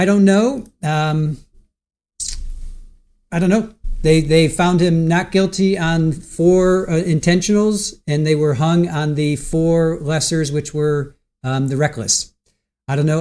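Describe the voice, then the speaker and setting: Man, livestream host, casual commentary, higher-pitched voice, chatty, filler-heavy. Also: darkish tone. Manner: chatty, greets chat viewers by name, many fillers. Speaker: livestream host covering a trial.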